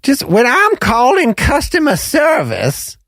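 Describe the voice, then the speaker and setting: A man voicing a sassy, loud female diner waitress who talks in a shrill, indignant, drawn-out way. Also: huge pitch swings, no room sound, studio quality, heavily acted.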